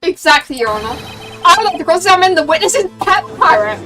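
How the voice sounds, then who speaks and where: A woman's voice: very high voice, sing-song, fast talker, bright, forceful tone, full character voice. A woman voicing a bold young male defense lawyer in a game, speaking in an earnest, determined way, recorded a bit far from the mic with game music behind.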